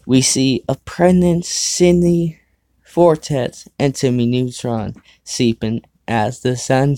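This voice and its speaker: Guy reading fanfic on his show, slow and mellow, keeps stopping to snark at it. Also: mid-range voice, vocal fry, dry recording, studio quality. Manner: sarcastic asides, stumbles over the text. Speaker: show host reading fan fiction. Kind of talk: casual dramatic reading with commentary.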